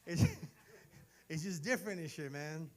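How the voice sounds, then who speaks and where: A man's voice: on the high side, animated, measured pace, a little mellow. A man, telling stories in a brash, profane stand-up comedy set. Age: 40s. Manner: brash, profane storytelling with acted-out dialogue.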